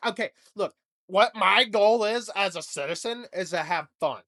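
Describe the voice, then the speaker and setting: A man's voice: sits high, normal speed, a bit bright. A young man hosting a comedy podcast, rambling through a profane, jokey monologue. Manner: rambling, profane, jokey rants with mock voices.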